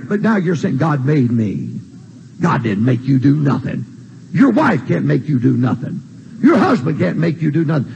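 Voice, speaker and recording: A man's voice: on the high side, big pitch swings, moderate pace, gravelly, darkish tone, a little hiss or hum, low-quality recording. An older man preaching a sermon, folksy and emphatic, repeating his points. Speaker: pastor. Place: church sanctuary.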